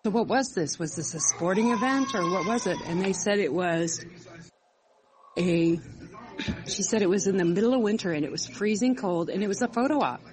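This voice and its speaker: A woman's voice: medium pitch, normal speed, crowd noise. A woman co-hosting a casual online chat, rambling and searching for words. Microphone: online audio chat. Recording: noisy online call audio.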